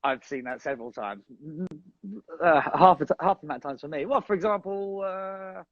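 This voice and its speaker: A man's voice: on the high side, a little fast, dry recording. A young man chatting casually and joking on a live video call. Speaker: actor and co-host of the live chat. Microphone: phone on a video call. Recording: dry, dull lo-fi phone audio.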